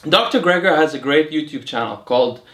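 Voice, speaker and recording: A man's voice: fairly high pitch, expressive, fairly quick, a bit bright. Chatty man hosting, echoey room. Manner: chatty, rambling with fillers and restarts. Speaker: host. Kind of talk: casual Q and A chat.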